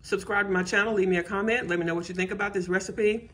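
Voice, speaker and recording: A woman's voice: mid-range voice, fairly even intonation, fast talker, fairly bright tone. A woman hosting her cooking channel, humming and exclaiming as she tastes her food and talks to viewers. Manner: exuberant, exclaiming and humming while tasting food. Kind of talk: casual cooking vlog, tasting and chatting to viewers.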